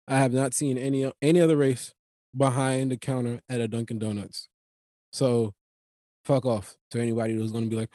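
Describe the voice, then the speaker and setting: A man's voice: a little high, moderate pace, no room sound, clean studio sound. Profane New man telling stories. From New York. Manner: profane, animated, rambling. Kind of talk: comic storytelling monologue.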